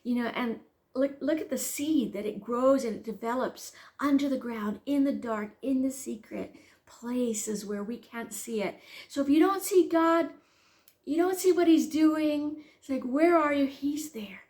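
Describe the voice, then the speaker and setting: A middle-aged woman teaching the Bible, telling a personal story as a lively storyteller who acts out her own thoughts, then turning it into earnest, gentle encouragement. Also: high voice, unhurried.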